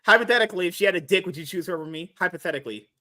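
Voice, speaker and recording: A man's voice: on the high side, very fast, fairly bright tone. A man hosting a podcast stream, joking crudely and laughing a lot with friends. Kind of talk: crude casual banter.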